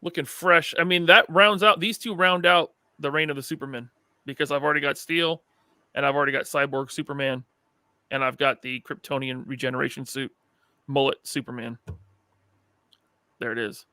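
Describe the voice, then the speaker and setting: A man's voice: medium pitch, fairly even intonation, moderate pace, sharp tone, clear, resonant tone, no room sound, clean studio sound. A man co-hosting a podcast in casual chat, enthusiastic and chatty. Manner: enthusiastic, chatty, laughs often. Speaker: podcast co-host.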